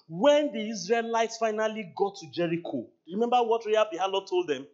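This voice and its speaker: High voiced guy preaching in church, laughs a lot, acts out the back and forth with god, muffled recording. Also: a little fast, few pauses. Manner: animated, laughing, acting out dialogue with God. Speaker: pastor. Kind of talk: sermon. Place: church service.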